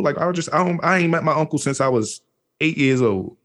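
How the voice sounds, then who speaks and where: A man's voice: on the high side, lively intonation, a little fast, fairly bright tone. A man from the Washington, D.C. area, speaking candidly and slangily as an interview guest, with frequent restarts. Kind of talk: candid personal storytelling.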